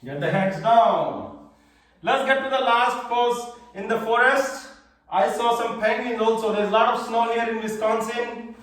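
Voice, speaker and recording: Brief: male kids' yoga teacher, high voice, cheerful simple cues, camera far across a very echoey room. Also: unhurried, a bit bright. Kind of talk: live online yoga class instruction.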